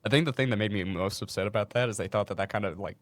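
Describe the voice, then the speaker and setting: A young man co-hosting a podcast, telling work stories in a casual, animated way and swearing freely. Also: fairly low pitch, racing, no echo. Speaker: podcast co-host. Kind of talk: casual storytelling chat.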